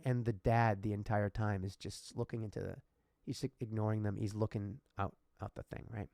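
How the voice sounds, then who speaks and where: A man's voice: lowish voice, level tone, fairly quick, gravelly, a little mellow, no echo, studio quality. Earnest rambling man telling a story. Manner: earnest, rambling, with many restarts and asides. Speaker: podcast co-host. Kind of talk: casual podcast storytelling.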